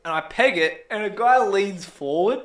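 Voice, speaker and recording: A man's voice: sits high, animated, moderate pace, a bit bright. A young man co-hosting a casual podcast, telling a long rambling story and swearing freely. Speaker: podcast co-host. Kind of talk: casual chat.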